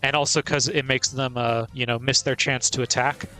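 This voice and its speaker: A man's voice: medium pitch, fairly even intonation, normal speed, bright, forceful tone, faint music behind. A man streaming a video game, chatting casually and playfully and laughing often. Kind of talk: casual gameplay commentary.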